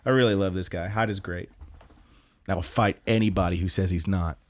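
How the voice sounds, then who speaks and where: A young man with a fairly low voice co-hosts a casual podcast. He recaps anime episodes in a rambling, animated way, often slipping into the characters' lines as he goes. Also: a little fast. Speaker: podcast co-host.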